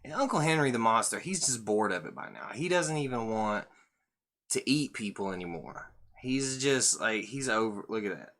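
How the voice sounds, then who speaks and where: A man's voice: lowish voice, expressive, moderate pace, fairly bright tone. A man reading a picture book aloud and joking about it with irreverent, profane commentary. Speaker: storyteller host.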